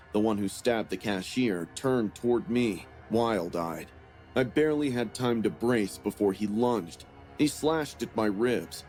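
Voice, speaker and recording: A man giving a scripted first-person horror narration in a steady, grim storytelling manner. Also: fairly low pitch.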